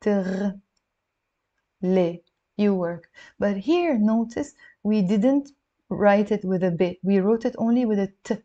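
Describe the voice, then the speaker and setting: A woman teaching a language lesson, patiently breaking phrases down and repeating them slowly. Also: medium pitch, dark tone, dull audio.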